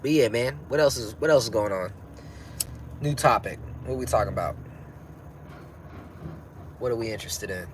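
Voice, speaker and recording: A man in his thirties talks casually on a livestream, rambling and dropping slang and swearing as he goes. His voice sits at an ordinary middle pitch, with a faint hiss of noise behind him. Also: moderate pace, long pauses, rough recording. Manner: laid-back, profane, rambling with slang. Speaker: livestream host.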